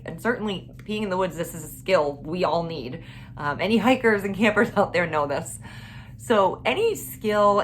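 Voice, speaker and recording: A woman recounts a family anecdote in a lively, conversational way, laughing freely as she goes. Her voice sits at an ordinary middle pitch, and she closes by encouraging her listeners. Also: a little hiss or hum. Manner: animated, laughing often. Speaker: mother telling a personal story. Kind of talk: casual storytelling with a motivational message.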